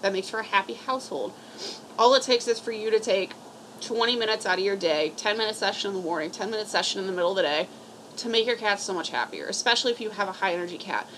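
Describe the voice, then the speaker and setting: Woman, cat rescue volunteer, casual and blunt, swears a lot, mid pitch, faint hiss behind. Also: quick pace, fairly bright tone, poor audio. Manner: blunt, swears freely, rambling. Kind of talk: casual advice talk to camera.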